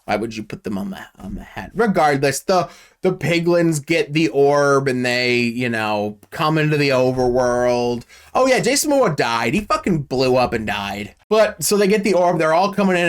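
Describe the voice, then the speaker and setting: A man giving a casual, sarcastic film recap and review on his channel, swearing freely as he tells the story. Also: fairly high pitch. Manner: sarcastic, profane, animated storytelling.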